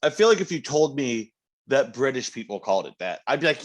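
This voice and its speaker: A man's voice: mid-range voice, sing-song, a little fast. A man co-hosting a podcast in casual chat, blunt and argumentative, his voice jumping up when he protests. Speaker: podcast co-host.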